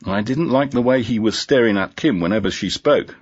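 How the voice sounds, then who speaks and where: A man's voice: lowish voice, brisk, slightly rough, lo-fi sound, pitched above the performer's own voice. A man voicing an easygoing, joking male police inspector in a storybook reading.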